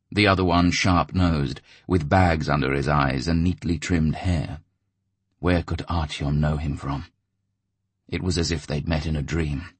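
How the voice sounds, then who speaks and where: A man narrating an audiobook in a measured, steady way. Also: sits low, breathy edge, dry recording.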